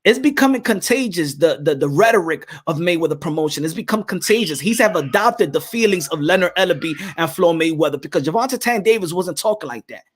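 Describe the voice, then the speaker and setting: A man giving opinionated boxing commentary in an animated, repetitive way, often restarting his phrases. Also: fairly high pitch, fairly quick, few pauses.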